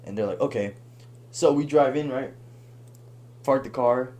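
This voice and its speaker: A young man telling a long story on a podcast in a casual, animated way, laughing and acting out the voices of the people in it. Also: medium pitch, moderate pace. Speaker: podcast guest.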